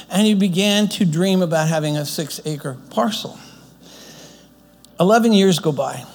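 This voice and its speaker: A man's voice: high voice, normal speed, in a large hall. A man preaching a sermon, retelling a story earnestly, often restarting his phrases.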